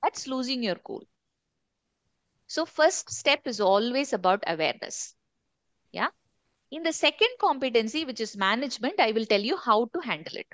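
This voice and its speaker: A middle-aged woman leads a corporate workshop. Her voice sits fairly high, and she keeps it conversational, turning to the group with questions. The sound is dry, with little room echo. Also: sing-song, normal speed, long pauses, a bit bright. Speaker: corporate trainer. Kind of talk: workshop talk to a live group.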